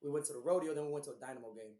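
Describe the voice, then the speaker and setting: A man from Houston with a hoarse, recovering voice, co-hosting a podcast and telling rambling, profane stories in a casual chat. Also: fairly high pitch, very fast, echoey room. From Houston, Texas. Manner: profane, rambling, animated storyteller. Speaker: podcast co-host.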